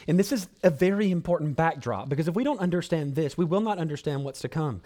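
High-voiced pastor preaching earnestly. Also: male voice, lively intonation, quick pace. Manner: earnest preaching, swings between loud pleading and hushed low tones; addresses congregation as brothers and sisters. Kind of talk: sermon.

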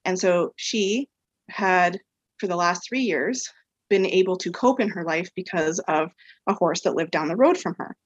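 An equine therapy practitioner appears as a podcast guest, loosely telling a personal story dotted with "like" and "um." Her lowish, slightly rough voice moves at a measured pace. There's no echo, and the highs are cut off.

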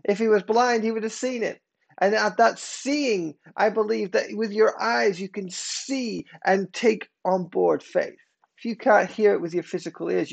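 A man preaching a sermon, emphatic, swinging between loud declarations and hushed, slowed passages. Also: on the high side, vocal fry.

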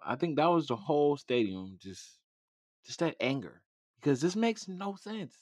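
A man co-host steering a relaxed, casual group chat about wrestling. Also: fairly high pitch, moderate pace, no room sound, studio quality.

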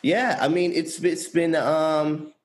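A young man from rural East Tennessee who grew up speaking Bengali first, chatting as an interview guest in a relaxed way with lots of fillers and restarts. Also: on the high side, slow. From rural East Tennessee, USA. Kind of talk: casual conversational interview.

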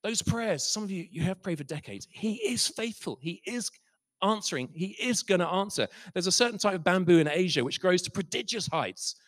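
A man preaching a sermon, telling stories with passion and swinging from soft to loud. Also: high voice, lively intonation, fairly quick, no echo. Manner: impassioned, swings from soft to loud, acts out quoted voices. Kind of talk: sermon storytelling.

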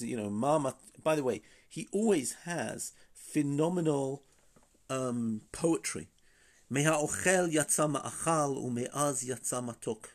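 A man of middle pitch teaches a Bible story in a loose, conversational manner. He asks rhetorical questions, hesitates with fillers, and reads Hebrew verses aloud before translating them. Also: a little mellow. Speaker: Bible teacher and podcast host. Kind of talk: informal spoken Bible lesson.

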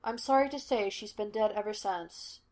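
A woman's voice: medium pitch, normal speed, darkish tone, close to an everyday voice. A woman voicing an evasive male butler who speaks in a dry, formal manner, in a read-aloud story.

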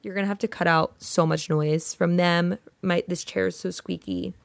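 Young woman, podcast co-host, casual giggly chat, gravelly fry, dry close mic. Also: lowish voice, steady tone, moderate pace, no echo. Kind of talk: casual chat and reading a listener story. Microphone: studio mic.

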